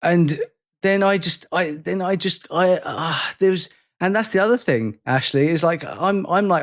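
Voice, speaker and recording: In a casual chat, this podcast co-host, whose voice is high and a little slow, goes on at length about what frustrates him, stressing his points emphatically.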